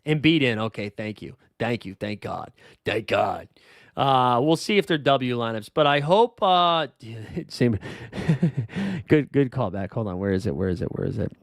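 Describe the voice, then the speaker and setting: A man's voice: medium pitch, animated, measured pace, no room sound, clean studio sound. A man hosting a fantasy sports livestream in a casual, rambling way, thinking aloud as he answers chat comments. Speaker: livestream host.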